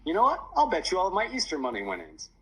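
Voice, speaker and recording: Man voicing a cheeky excitable boy. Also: high voice, fast talker, husky, pitched above the performer's own voice, exaggerated voice, poor audio. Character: cocky boy, middle child.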